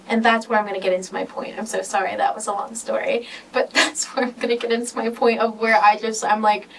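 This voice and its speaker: A woman's voice: a little high, fairly even intonation, a little fast. Teen girl, distant mic, faint noise. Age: teens. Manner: emotional, rambling storytelling with many "like"s. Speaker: podcast co-host. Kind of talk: casual personal talk.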